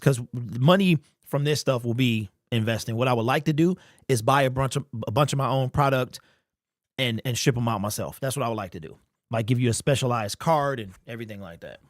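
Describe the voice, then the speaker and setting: A man's voice: medium pitch, no echo, studio quality. A man hosting a casual fan live stream, greeting chat members by name in loose, slangy talk.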